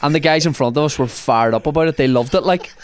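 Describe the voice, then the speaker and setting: A man's voice: on the high side, quick pace. Man telling a story on a podcast. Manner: animated anecdote telling, laughing often. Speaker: comedy podcast host. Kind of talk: casual storytelling chat.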